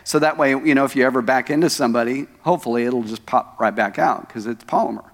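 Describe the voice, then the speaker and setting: A man's voice: mid-range voice, fast talker. A male pastor preaching a sermon in a church, talking conversationally with asides to the congregation. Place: church sanctuary. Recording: echoey church hall.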